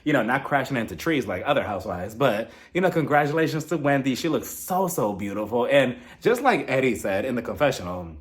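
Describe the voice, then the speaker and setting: Man, young adult, casual gossipy recap host, animated pitch, mimics people. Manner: chatty, gossipy, acts out cast members' lines in mimicking voices.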